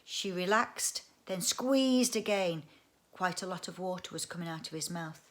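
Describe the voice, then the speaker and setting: A woman reading a children's book aloud, expressive and adding chatty asides. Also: lowish voice, moderate pace. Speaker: audiobook reader. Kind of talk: storybook read-aloud narration.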